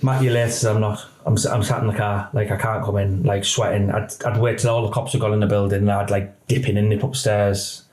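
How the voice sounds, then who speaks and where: A man, a retired police officer telling a personal story in halting speech that often quotes others. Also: fairly low pitch, little pitch movement, darkish tone. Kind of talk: emotional personal account. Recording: roomy echo.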